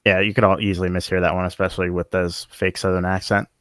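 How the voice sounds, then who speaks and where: Male podcast co-host, low voice, hesitant and thoughtful, dry close sound. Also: flat delivery, fast, fairly bright tone, no room sound. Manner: thoughtful, hesitant, recalls details. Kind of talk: casual chat.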